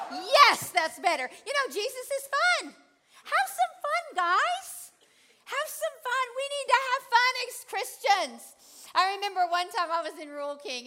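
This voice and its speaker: Woman preacher, high and bright, playful call-and-response delivery. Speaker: pastor. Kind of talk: sermon.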